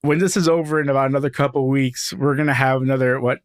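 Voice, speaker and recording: A man's voice: mid-range voice, steady tone, fast, clean tone, no room sound, studio quality. A man co-hosting a podcast in casual sports chat, enthusiastic and playful, often repeating words as he talks. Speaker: podcast co-host.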